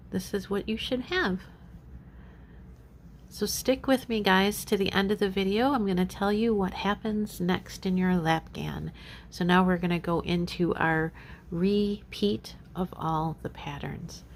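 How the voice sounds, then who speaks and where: A woman's voice: medium pitch, slow, long pauses, slight background noise. A woman teaching a crochet pattern step by step, giving patient, repetitive instructions with frequent fillers. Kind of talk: step-by-step craft tutorial.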